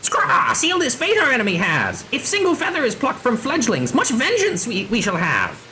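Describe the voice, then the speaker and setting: A woman voicing a proud male bird-man warrior in a game read-along, speaking in backwards word order with squawks and shouts. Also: fairly high pitch, wildly swooping pitch, normal speed, slight background noise, pitched above the performer's own voice, heavily acted. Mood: vengeful.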